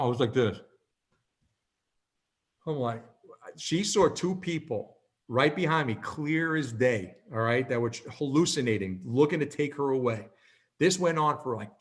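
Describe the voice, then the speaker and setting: A man in his fifties giving a motivational talk, an animated storyteller who keeps checking in with "okay?". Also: medium pitch. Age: 50s. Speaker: presenter.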